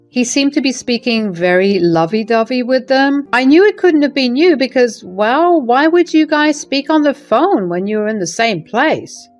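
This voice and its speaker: Woman reading as a gentle, apologetic mother-in-law. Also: fairly high pitch, close to an everyday voice. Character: remorseful middle-aged mother-in-law.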